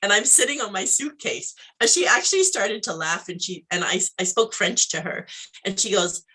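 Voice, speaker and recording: A woman tells a personal story as an interview guest. She acts out other people's lines and laughs now and then. Her pitch sits in the middle of the range. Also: moderate pace, breathy edge. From Canada. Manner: animated storyteller, acts out dialogue, laughs often.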